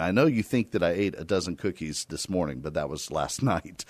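A man hosting a Christian radio show, joking about himself in a playful, self-deprecating way while making a fundraising pitch. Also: a little mellow, no echo. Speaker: radio host.

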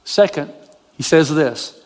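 Expressive and unhurried, a pastor preaches in a high, light voice, going soft and low and then rising high to press his point. Long reverb suggests a large hall, and there is slight background noise.

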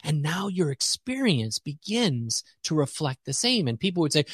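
A man's voice: sits high, very animated, measured pace, hardly any pauses, a bit bright, slightly rough, no echo, clean studio sound. A man talking as a podcast guest, preacher-like and emphatic, repeating phrases for rhythm as he builds a motivational faith message.

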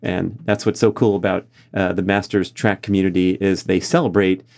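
Man, very low voice, podcast host, casual monologue, enthusiastic, lots of uh fillers. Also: little pitch movement, normal speed, gravelly, a little mellow. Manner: conversational, frequent uh fillers.

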